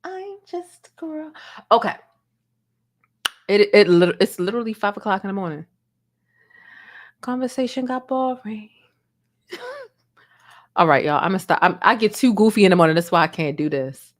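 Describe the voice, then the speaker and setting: A woman's voice: mid-range voice, expressive, moderate pace, long pauses. A woman from Baltimore hosting a casual live-stream commentary, sassy and goofy, sleepy from being up before dawn.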